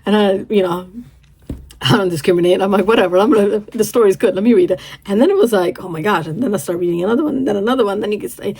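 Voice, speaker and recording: Giggly husky-voiced woman. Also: mid-range voice, rapid-fire, darkish tone. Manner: giggly, gushing, rambling with many likes. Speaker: reaction video host. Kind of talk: excited casual reaction chat.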